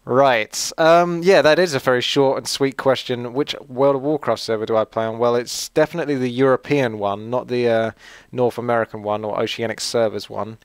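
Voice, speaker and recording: Male host from Essex, chatty and rambling, smooth voice, dry close sound. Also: mid-range voice, dry recording. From Essex, England. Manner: rambling and friendly, many fillers and asides. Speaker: channel host answering viewer questions. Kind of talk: casual chat.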